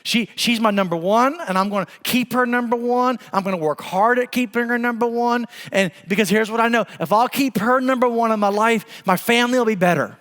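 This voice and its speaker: A middle-aged man preaching a sermon, telling stories with humor in an animated way. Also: very high voice, a little fast, hardly any pauses, big-room sound. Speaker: pastor. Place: church sanctuary.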